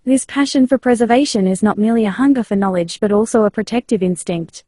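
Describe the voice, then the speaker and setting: Mellow-voiced woman host narrating. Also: mid-range voice, quick pace, dry recording, clean studio sound. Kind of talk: documentary-style narration and interview.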